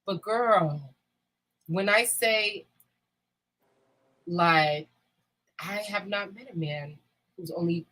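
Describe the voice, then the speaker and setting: A woman's voice: lowish voice, drawn-out words, long pauses, pushed and bright, low-quality recording. A woman in candid casual chat, talking bluntly and emphatically with frequent swearing. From United States.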